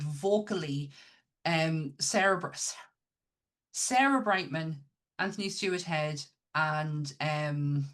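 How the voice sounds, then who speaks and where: A woman's voice: low voice, a bit bright. A woman co-hosting a podcast, chatting enthusiastically about films with lots of restarts. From Northern England. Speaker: podcast co-host. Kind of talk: casual chat.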